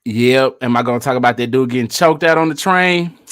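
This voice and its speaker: A man's voice: medium pitch, brisk, fairly bright tone, smooth. A man hosting a casual live stream, talking in loose slang and greeting viewers by name as they join.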